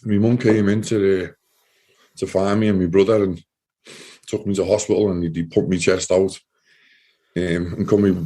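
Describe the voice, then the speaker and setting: A man, a former soldier, giving a personal account in an interview, talking earnestly and haltingly and often repeating his words. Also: sits low, mellow, breathy edge.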